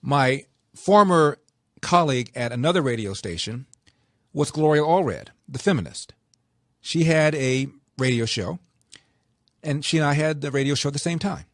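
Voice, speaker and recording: A male radio talk host telling anecdotes in a lively way, acting out the dialogue he quotes. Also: on the high side, moderate pace, no room sound, studio quality. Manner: animated, acts out the dialogue he quotes. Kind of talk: storytelling anecdotes.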